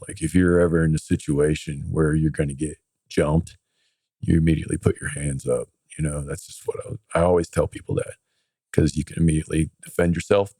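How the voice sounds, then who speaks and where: A man's voice: rumbling low, warm tone, slightly rough, no room sound. A man as a podcast guest, casually telling a story in a laid-back way and acting out what others said. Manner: laid-back, acts out others' lines in quotes.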